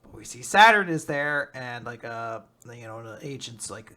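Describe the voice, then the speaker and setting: A man on a podcast, recapping a manga chapter in casual chat, laughing often, swearing and slipping into quick voices for the characters. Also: medium pitch, lively intonation, bright, forceful tone.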